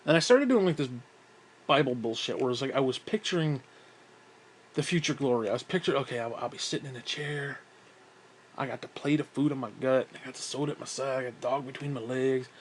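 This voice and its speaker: A man's voice: medium pitch, a little fast, slight background noise. A man telling a rambling, profane story in a casual monologue, slightly out of breath. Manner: profane, rambling, self-talk asides.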